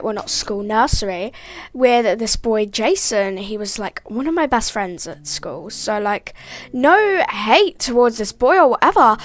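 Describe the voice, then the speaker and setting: A teenage girl telling a storytime vlog, chatty and full of "like", acting out bits of dialogue. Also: a little high.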